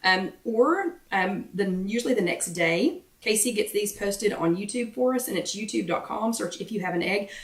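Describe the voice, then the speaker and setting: A woman hosts a chatty live stream while her voice is going hoarse. She sits back from the mic, so her voice sounds distant. It also has a roomy echo. She greets viewers one by one in a casual, familiar way. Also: mid-range voice, expressive, moderate pace, few pauses. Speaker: host of a live weight-loss workshop chat.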